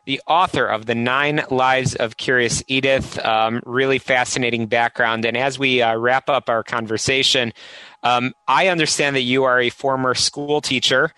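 A man hosting an interview, upbeat and filling pauses with frequent ums and uhs. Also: medium pitch, fairly even intonation, bright, forceful tone, clear, resonant tone, low-quality recording. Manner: upbeat, with many fillers. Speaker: host.

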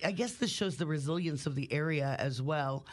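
A man hosts a local radio show, a little high in pitch for a man. He chats loosely with studio guests and laughs at his own jokes. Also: normal speed. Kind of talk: casual radio interview. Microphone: studio microphone.

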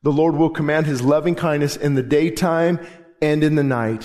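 A pastor preaches with fervent, emphatic drive, stacking repeated phrases for weight. His voice sits high for a man. The sound rings with the long reverb of a large church hall. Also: steady tone, moderate pace, a little mellow. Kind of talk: sermon. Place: church sanctuary.

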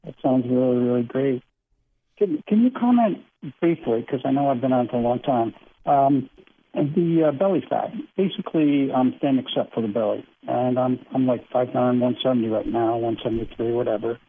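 A man in his seventies calling in to a show, talking in a hesitant, halting way with many restarts. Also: medium pitch. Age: 70s. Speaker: caller. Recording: husky tinny phone line.

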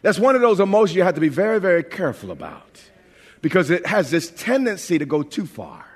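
A pastor from New York preaching a lively, humorous sermon, often repeating words as he builds a point. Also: high voice, a little fast, slightly rough. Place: large church sanctuary. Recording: long hall reverb.

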